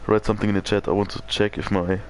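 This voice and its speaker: A man's voice: lowish voice, flat delivery, fast talker, a little hiss or hum. A young man with a cold and a stuffy nose, chatting casually to his viewers while streaming a racing game. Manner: chatty, talks to his chat. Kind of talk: casual live game commentary.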